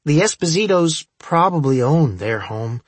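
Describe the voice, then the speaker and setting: A man's voice: on the high side, animated, a little slow, slightly rough, no room sound. A man reading a first-person story aloud as an audiobook narrator, in a wry, conversational way.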